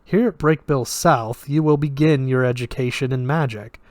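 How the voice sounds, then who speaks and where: A man voicing a sardonic male magic professor who speaks in a flat, lecturing way with a Russian accent. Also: mid-range voice, moderate pace, no echo, natural voice.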